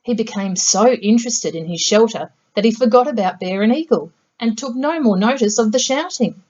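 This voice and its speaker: A woman reading a children's picture book aloud in a gentle, measured storytelling voice. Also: fairly high pitch, lively intonation, highs cut off. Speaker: storybook reader.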